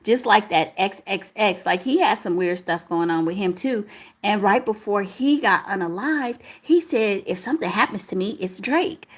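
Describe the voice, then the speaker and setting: The young livestream host speaks at normal speed in a medium-pitched voice with lively intonation. She's by herself at home late at night, casually chatting and reading viewer comments in slangy language, her voice sleepy, tired and crackling.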